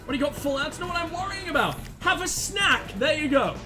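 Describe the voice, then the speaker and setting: A man commentating on his own video game play, loud, sweary and self-mocking, breaking into panicked yells during fights. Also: very high voice, lively intonation, brisk, over music. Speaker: gaming channel host.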